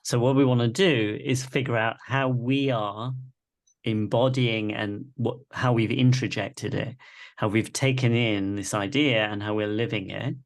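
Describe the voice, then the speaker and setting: A man's voice: mid-range voice, fairly even intonation, unhurried, creaky. A man leading a live online masterclass, talking reflectively and often checking in with "right?". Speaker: workshop facilitator. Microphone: video call.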